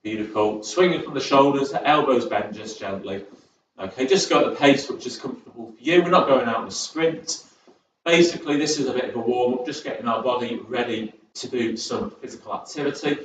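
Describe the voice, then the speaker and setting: A young male fitness instructor leads a chair exercise class at a community sports centre, chatty and encouraging, with rambling asides. His mid-range voice moves a little fast. The sound is echoey, distant, and dull, with slight background noise.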